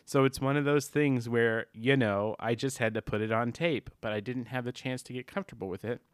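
Smooth-voiced rambling podcast man. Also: medium pitch, steady tone, a little fast, dry recording, studio quality. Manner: rambling, swears casually, laughs mid-sentence. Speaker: podcast co-host. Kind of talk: casual chat.

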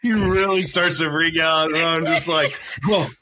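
A man's voice: fairly high pitch, moderate pace, heavy background noise. A man hosting a podcast, telling army stories in a casual chat, often laughing and acting out the other people in them. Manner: animated, laughs often, acts out quoted voices. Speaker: podcast host.

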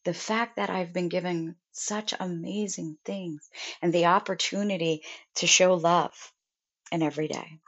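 A young woman, a mother, talking earnestly and deliberately about gratitude in a reflective self-help monologue. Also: on the low side, fairly even intonation, fairly bright tone. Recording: dull lo-fi sound.

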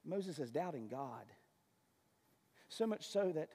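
Man, pastor, sermon, high-pitched, emphatic and conversational, long hall reverb. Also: lively intonation, a little slow, warm tone. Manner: emphatic, conversational preaching with asides.

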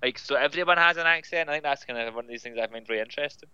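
Bright-voiced Scottish man, chatty guest. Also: medium pitch, rapid-fire, clean tone, no room sound, muffled recording. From Scotland. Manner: chatty, lots of "like" fillers. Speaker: comic book writer, guest. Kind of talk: casual podcast interview.

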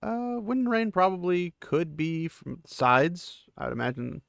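A man's voice: on the high side, very animated, a little slow, creaky, fairly bright tone, dry recording, clean studio sound. A man hosting a podcast, casually retelling a novel chapter in loose, chatty paraphrase with fillers. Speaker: podcast host.

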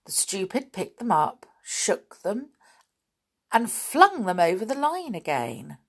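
A woman reading a children's storybook aloud as narrator, expressive and unhurried. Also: mid-range voice, breathy edge.

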